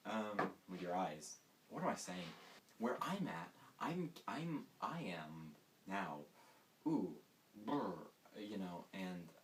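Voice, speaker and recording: A man hosting a comedic monologue, rambling and mocking himself with sarcastic asides. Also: sits low. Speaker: host. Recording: distant mic with faint hiss.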